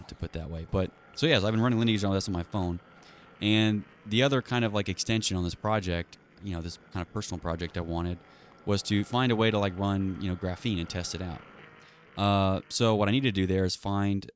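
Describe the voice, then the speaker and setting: Fast-talking low-voiced man ranting. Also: clear, resonant tone, no echo, clean studio sound. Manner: rambling and profane, heavy fillers, sarcastic. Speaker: channel host. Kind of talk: casual solo monologue.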